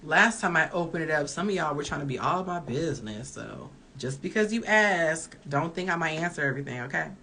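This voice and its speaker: A woman in her early forties runs a live-stream Q&A as a dating coach, candid and chatty as she reads viewer comments aloud. Her voice sits a little low, with a faint hiss of background noise under it. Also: expressive, brisk, few pauses, sharp tone. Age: early 40s.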